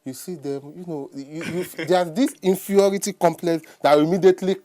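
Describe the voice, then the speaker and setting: A young Nigerian man with a Nigerian accent, a musician guest in a casual interview, telling animated stories and acting out quotes. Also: on the high side, brisk. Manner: animated storyteller, acts out quotes, repeats "you understand".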